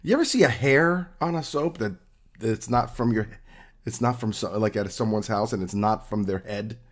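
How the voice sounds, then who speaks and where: A man's voice: fairly low pitch, moderate pace. A man, talking in a laid-back, rambling way with lots of fillers as he hosts a reaction video. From the Bronx, New York. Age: 50s. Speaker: reaction channel host. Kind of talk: casual rambling commentary.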